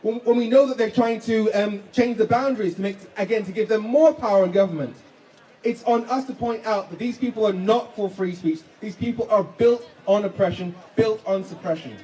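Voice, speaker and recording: Male protest speaker, high warm tone, indignant rhetorical rally speech outdoors. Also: a little fast, low-quality recording. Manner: fiery, indignant, rhetorical questions.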